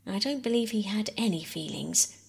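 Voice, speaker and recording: A woman's voice: medium pitch, moderate pace, vocal fry, husky. A weary, tender mother, whispered by a woman. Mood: grave. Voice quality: soft whisper. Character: weary, tender mother, grieving but firm. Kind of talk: whispered role-play.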